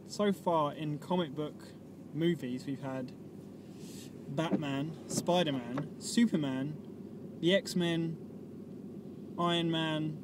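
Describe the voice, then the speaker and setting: A man's voice: a little high, takes it slowly, background noise. A man in a casual film-chat vlog, rambling, swearing and losing his train of thought while talking from a car. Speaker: vlogger.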